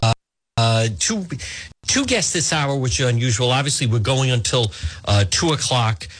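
A man hosting a talk radio show, delivering a combative, animated monologue full of asides and restarts, with a husky voice. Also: mid-range voice, normal speed, a little hiss or hum.

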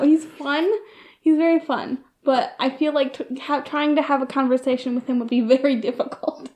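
A woman's voice: high-pitched, steady tone, normal speed, darkish tone. A woman co-hosting a casual podcast chat, giggling often and rambling with frequent restarts. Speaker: podcast co-host.

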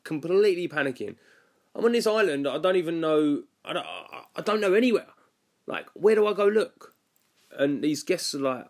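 A man's voice: on the high side, animated, a little fast. A young man telling a story about his cruise ship job in a casual, rambling and chatty way. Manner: rambling, chatty, lots of "like" fillers. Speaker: former cruise ship youth activities worker.

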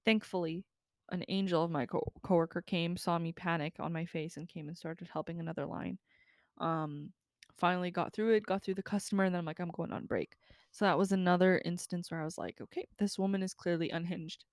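Young woman telling a lively, profane story. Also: fairly low pitch, a little fast, dry recording, clean studio sound. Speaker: podcast co-host telling a story. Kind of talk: casual chat.

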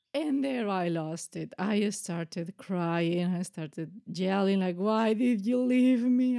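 A woman recounting a personal story in an earnest, emotional way. Her voice is mellow and dark-toned, and her talk is full of fillers and restarts. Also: medium pitch.

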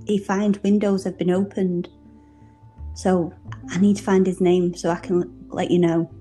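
A young British woman from the UK, co-hosting a podcast in casual chat, animated and quick to laugh. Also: on the low side, soft background music. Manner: laughs often, animated storytelling. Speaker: podcast co-host.

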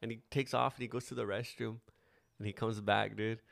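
A man's voice: fairly low pitch, flat delivery, fairly quick, vocal fry, fairly bright tone, dry recording, clean studio sound. A man in his forties, the host, chatting casually, rambling through stories and swearing often. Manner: laid-back, swears often, rambling storyteller. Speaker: podcast host. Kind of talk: casual chat.

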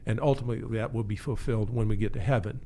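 A man's voice: fairly low pitch, fairly even intonation, very fast, mellow, slight background noise. A man who is a pastor and teaches pastoral care, speaking earnestly and reflectively in an interview, often restarting his phrases. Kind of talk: conversational interview.

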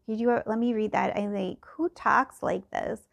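A woman's voice: medium pitch, fairly even intonation, a little slow, gravelly. A middle-aged woman thinking aloud in a casual personal podcast, meandering and full of fillers and restarts.

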